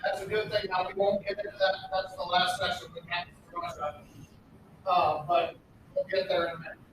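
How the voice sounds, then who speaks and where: A man's voice: high voice, flat delivery, a little fast. An American man teaching a history class in a casual, blunt way, with sarcastic asides. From United States. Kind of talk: classroom lecture. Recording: very echoey room, distant, faint background noise.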